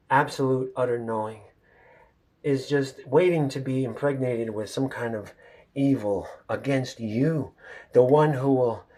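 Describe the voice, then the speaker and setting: A man's voice: mid-range voice, darkish tone. A man in a rambling solo monologue, profane, who keeps stopping to ask himself why.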